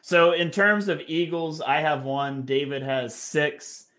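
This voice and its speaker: A man's voice: on the high side, slow, a bit bright. A man hosting a casual sports podcast, chatting loosely with his panel over a remote call. He laughs often and keeps the talk moving between guests. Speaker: podcast host.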